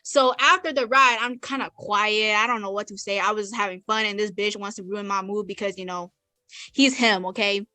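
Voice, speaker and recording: A woman's voice: mid-range voice, fairly even intonation, normal speed, bright, forceful tone, no room sound. A young woman co-hosting a podcast, telling stories bluntly with lots of swearing and quoted comebacks. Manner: blunt, profane storytelling with quoted retorts. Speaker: podcast co-host. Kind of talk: casual chat. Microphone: podcast microphone.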